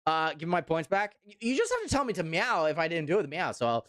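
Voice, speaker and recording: Lively young Canadian man streaming. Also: fairly high pitch, fast talker, no room sound, studio quality. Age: 20s. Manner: rambling, repeats himself, reads chat aloud. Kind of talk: casual live-stream chat.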